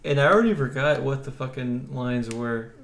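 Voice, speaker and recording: A man co-hosting a comedy podcast, talking in a halting, deadpan way. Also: mid-range voice, vocal fry. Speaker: podcast co-host. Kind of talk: casual chat. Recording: echoey room with faint noise.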